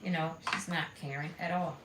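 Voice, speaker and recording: A woman's voice: low voice, a little fast. A woman live streaming, telling a rambling personal story in a blunt, repetitive, conversational way. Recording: echoey room with steady background noise.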